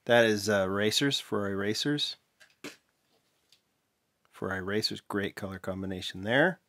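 A man with a somewhat low voice talks his way through a casual show-and-tell vlog. His delivery is offhand and a little mumbled, with quick self-corrections along the way. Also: sharp tone. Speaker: vlog host, toy car collector.

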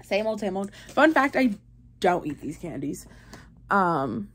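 A woman's voice: medium pitch, very animated, measured pace, fairly bright tone, a little hiss or hum. A young woman, chatting playfully to the camera in a casual vlog. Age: young adult. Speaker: vlogger.

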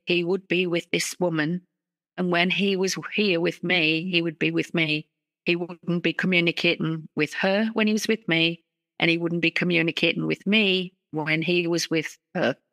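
A middle-aged woman, a guest in an interview, telling a personal story in an earnest, halting way with many restarts. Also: on the low side, vocal fry, fairly bright tone, no room sound.

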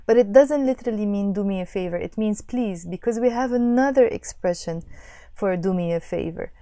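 A woman teaching a language lesson, patiently explaining and repeating phrases slowly. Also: medium pitch, dark tone, no room sound.

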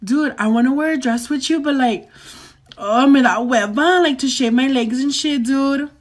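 A man's voice: very high-pitched, normal speed. A man playing a brash, crude young woman from California who swears, laughs and drawls slang in a comedy sketch.

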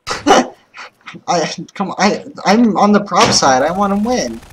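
Young adult, playful, giggly, lively pitch, unhurried talk, faint noise behind. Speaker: gamer. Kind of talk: casual gaming chat.

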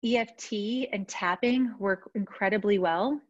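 A woman's voice: mid-range voice, a little slow, no room sound. Frank, casual woman coach from New York. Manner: casual, frank, demonstrates moves while talking. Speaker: stress and trauma coach. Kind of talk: teaching self-soothing techniques. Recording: dry, slightly dull sound.

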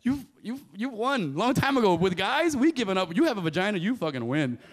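A man's voice: high-pitched, big pitch swings, fairly quick. A man doing a loose, profane stand-up set on a club stage, often laughing at his own jokes. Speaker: stand-up comedian. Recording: live club with audience.

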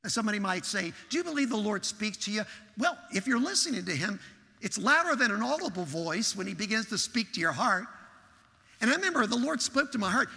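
A man's voice: sits high, big pitch swings, brisk, bright, forceful tone, slightly rough. A man preaching a sermon in church, telling a story and acting out its dialogue with animation. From Texas. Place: large church sanctuary. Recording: long hall reverb.

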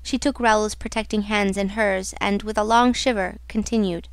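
A woman narrating a classic novel as an audiobook, with a measured, dramatic delivery. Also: medium pitch, fairly even intonation, no echo. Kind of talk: scripted narration.

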